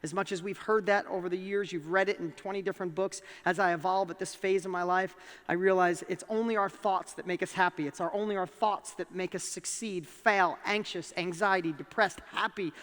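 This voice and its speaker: A man with a New York accent giving a motivational talk, telling a personal story with animated, emphatic rises in his voice. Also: sits high, brisk, big-room sound. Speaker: speaker.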